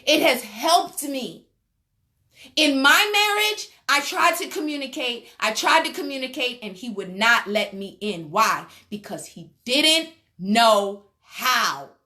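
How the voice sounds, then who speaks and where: A woman's voice: sits high, expressive, slow pace, bright, forceful tone. Emphatic woman giving a relationship talk. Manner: emphatic, preacherly, addresses listeners directly. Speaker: relationship speaker. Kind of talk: motivational talk to an audience.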